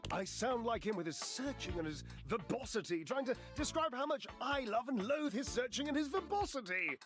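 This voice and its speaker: A man's voice: very high-pitched, expressive, moderate pace, over music. An actor playing a theatrical, lovesick man who speaks in florid, verbose phrases in video game character dialogue. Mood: anguished.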